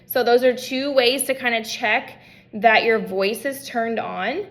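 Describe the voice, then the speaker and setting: A young adult woman working as a speech language pathologist leads an at-home practice lesson for children. She models words slowly and clearly in a fairly high-pitched voice.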